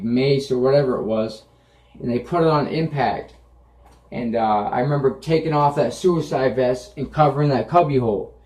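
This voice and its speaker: Young male vlogger, matter-of-fact storyteller, swears freely; average pitch, recorded in an echoey room. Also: a little mellow. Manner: blunt, profane, matter-of-fact. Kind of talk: casual storytelling.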